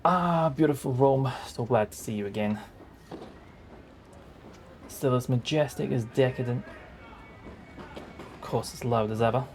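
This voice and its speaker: A man's voice: mid-range voice, a little slow, long pauses, soft background music, close to an everyday voice. A man voicing a dreamy, self-absorbed young man in a 1920s story, speaking wistfully and theatrically.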